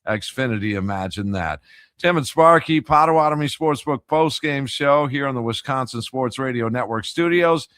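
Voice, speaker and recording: A man's voice: on the high side, steady tone, moderate pace, few pauses, a bit bright, smooth, dry recording. Man hosting sports radio, dry studio sound.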